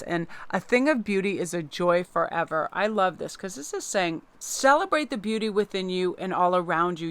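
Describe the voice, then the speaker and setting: A woman tarot reader giving a casual, chatty inspirational talk, telling stories with lots of fillers. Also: on the low side. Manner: chatty, warm storytelling with many fillers.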